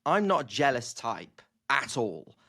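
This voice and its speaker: A man co-hosting a podcast in casual, excitable chat, often tripping over his words. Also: medium pitch, unhurried. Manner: chatty, excitable, stumbles and restarts. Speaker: podcast co-host.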